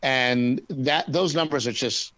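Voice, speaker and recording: A man's voice: mid-range voice, fairly bright tone, dry recording. Joking comedian man, dry close mic. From Texas. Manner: quick, joking, restarts often. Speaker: stand-up comedian, guest. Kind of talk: casual interview chat.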